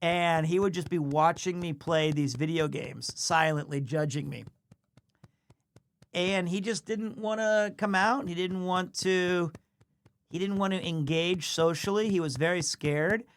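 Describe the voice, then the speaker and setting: On a casual livestream, a man with a high-pitched voice and a measured pace chats easily and tells a rambling anecdote. He is a streamer type who keeps pausing mid-story to coo at his cat.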